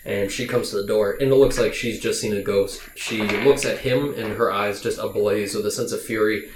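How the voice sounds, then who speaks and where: A man's voice: fairly low pitch, fairly even intonation, moderate pace, far from the mic, background noise. Man narrating as game master. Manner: casual, hesitant narration with fillers. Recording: roomy recording.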